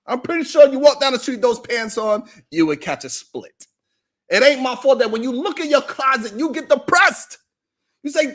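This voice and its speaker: A man hosting a podcast, delivering a mocking roast monologue that swings from loud shouts to low mutters. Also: lively intonation, moderate pace. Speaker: podcast host.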